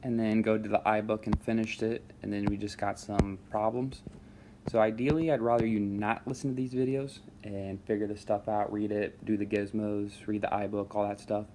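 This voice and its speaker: Male math teacher, lower voice, easygoing step-by-step delivery, faint background hum. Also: moderate pace. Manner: relaxed, talks students through steps with frequent "all right". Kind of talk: screen-recorded math lesson.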